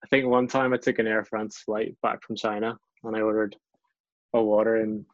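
A man with a Northern Irish accent chatting casually as a guest, relaxed and self-deprecating, often restarting his sentences. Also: lowish voice, normal speed, no room sound. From Northern Ireland. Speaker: guest, English teacher abroad. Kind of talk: casual chat. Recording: dull lo-fi recording, dry.

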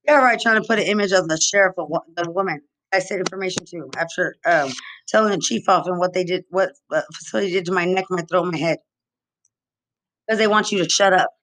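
A woman's voice: lowish voice, quick pace, a bit bright. Agitated woman ranting, accusatory. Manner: agitated, accusatory, repetitive, profane. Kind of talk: angry rambling monologue to camera.

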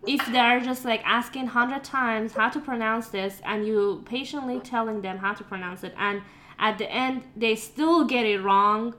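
A woman's voice: a little high, measured pace, fairly bright tone. A woman hosting a podcast, talking frankly and laughing easily in a casual interview. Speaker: podcast host.

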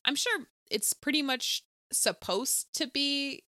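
A young woman chatting casually about an old movie, acting out lines with lively reactions. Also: high voice, slow, no echo, clean studio sound. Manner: animated, acts out quotes. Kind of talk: casual movie review chat.

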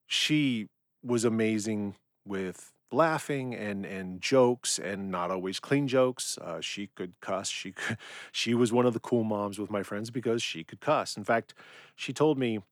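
A middle-aged man hosting a podcast, telling personal stories in a relaxed way with many fillers. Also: fairly low pitch, a little slow, no room sound, studio quality. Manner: relaxed storytelling with frequent fillers. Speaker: podcast host. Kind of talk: personal reflective monologue.

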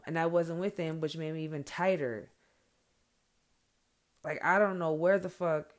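A middle-aged woman, a mother, ranting in a casual and angry way, swearing often and breaking into loud bursts. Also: sits low. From Mexican heritage, raised in America. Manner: profane, heated, confrontational, with sudden loud bursts. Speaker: parent speaking her mind.

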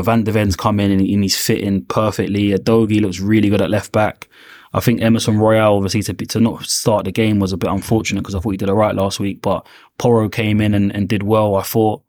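A man's voice: on the low side, a little mellow, dry recording, studio quality. A man giving a rambling, upbeat football take on a podcast, peppering his talk with "man" and "to be honest". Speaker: podcast guest pundit. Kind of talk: casual football chat.

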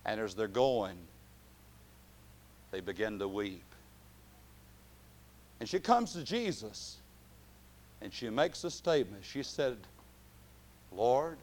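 A man preaching a sermon, dropping to quiet, drawn-out phrases and then rising to loud shouted climaxes. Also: medium pitch, very animated.

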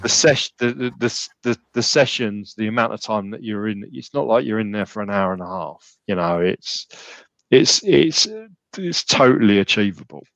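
A man's voice: on the low side, animated, moderate pace, creaky, no room sound, low-quality recording. A man talking casually as a podcast guest, rambling with many restarts and fillers. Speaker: gym client and podcast guest.

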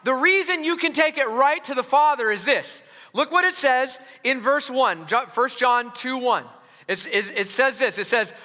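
A man's voice: very high voice, animated, moderate pace, bright, forceful tone. A man preaching a sermon as a pastor, conversational and joking, with frequent restarts. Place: large church hall. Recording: long reverb of a large hall.

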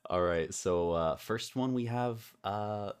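A man hosting a podcast in loose, rambling conversation, casually dropping swear words. His voice sits very low with a gravelly fry running through it. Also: huge pitch swings, takes it slowly. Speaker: podcast host.

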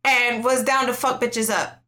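Excitable woman host, higher pitch, bright tense voice, swears freely. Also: measured pace. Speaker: podcast co-host. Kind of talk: casual crude banter.

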